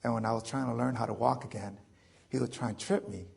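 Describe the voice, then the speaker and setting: A man's voice: medium pitch, steady tone, fast, vocal fry, darkish tone, husky. A man in his forties telling his own survival story to an audience in a loose, joking way, full of fillers. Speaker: veteran speaker.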